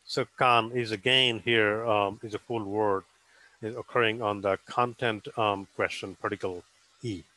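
A man's voice: on the low side, fairly even intonation, unhurried, pushed and bright, no room sound, rough recording. A man giving an academic conference presentation, explaining carefully with frequent um and uh fillers.

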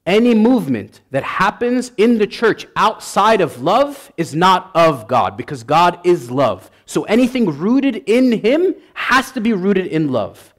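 A man's voice: high-pitched, big pitch swings, a little slow, few pauses. A male priest preaching a sermon with passion, repeating his points for emphasis until he gets worked up. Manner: impassioned, builds to emphatic repetition.

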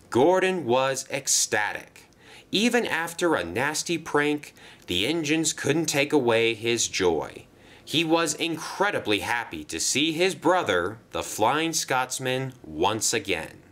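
Give me a man narrating a children's storybook. He reads slowly and unhurriedly, with a lively rise and fall in his voice. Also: on the low side.

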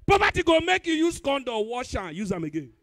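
A young man with a Nigerian Pidgin accent doing live stand-up comedy, animated and bursting into shouts. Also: very high-pitched, brisk, no room sound, studio quality.

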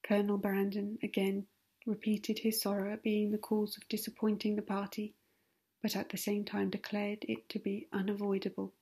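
A woman reading a classic novel aloud as calm, soothing ASMR narration. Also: medium pitch, normal speed, slightly rough. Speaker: audiobook reader.

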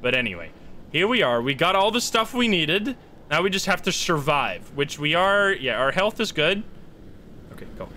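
A man streaming a horror game live, reacting excitably, swearing often and chanting to himself as he plays. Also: on the high side, moderate pace, a little hiss or hum. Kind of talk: live gameplay commentary.

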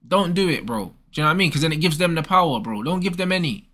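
A man's voice: a little high, animated, quick pace, pushed and bright. A young man, ranting casually and bluntly with lots of slang as host. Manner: blunt, slangy, repeats "bro" and "bruv". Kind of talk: casual advice rant.

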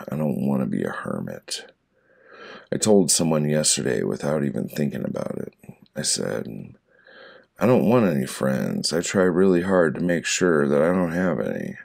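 A man reading his own poems aloud for an audiobook, with a dry, deadpan delivery and slow pauses between short lines. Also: a bass voice, vocal fry, slightly rough.

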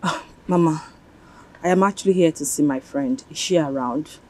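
A woman's voice: low-pitched, normal speed, darkish tone, a little hiss or hum, close to an everyday voice. An actress with a Nigerian accent playing a young woman visitor who speaks politely and deferentially. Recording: film audio with music behind.

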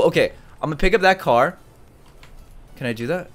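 A young man giving excited live commentary as he streams a game, jumping from mumbling to shouts and laughter. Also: a little high, a little fast.

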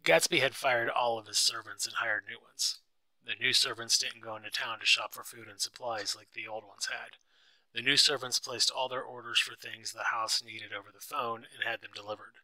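A man giving a clear, steady scripted narration of a storybook. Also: medium pitch, moderate pace, dry recording, rough recording.

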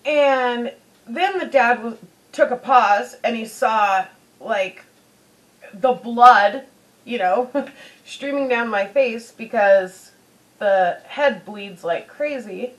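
Slow-talking, high-voiced woman telling a story. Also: poor audio. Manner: chatty, many fillers like "you know". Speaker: beauty vlogger. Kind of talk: casual storytelling.

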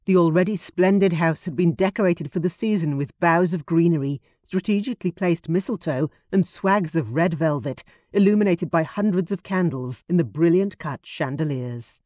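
A woman narrating a period romance audiobook in a measured, expressive studio reading. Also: on the low side, dry recording.

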